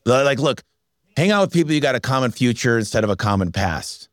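A man, a business owner, telling stories in a casual interview, energetic and acting out the people he quotes. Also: medium pitch, fast, no room sound, clean studio sound. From Michigan. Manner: energetic, animated storyteller who acts out quotes.

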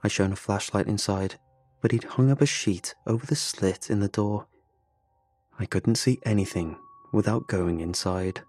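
Husky-voiced man narrating a horror story. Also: on the low side, moderate pace, a little mellow, soft background music.

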